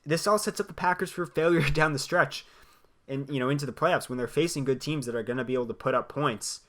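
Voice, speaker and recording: A young man hosting a solo sports podcast. He gives blunt opinions in a lively way and laughs between his points. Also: on the high side, fast. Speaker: podcast host.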